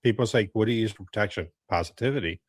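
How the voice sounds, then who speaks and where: A man with a fairly low voice hosts a podcast interview, speaking calmly and agreeably. The sound is dry and close, with little room around him. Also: very fast, husky, no echo. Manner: calm, agreeable, short affirmations. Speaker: podcast host, paranormal investigator. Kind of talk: casual interview chat.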